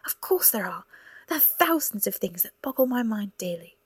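A woman voicing a sharp-tongued young healer. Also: medium pitch, very animated, normal speed, husky, no echo. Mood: angry. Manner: sharp, biting, rising to a shout. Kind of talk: audiobook character reading.

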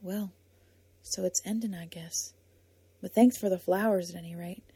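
A woman reading a storybook, voicing a blunt, spirited young woman with a lively, teasing way of talking. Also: normal speed, breathy edge. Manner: lively and teasing, rising pitch.

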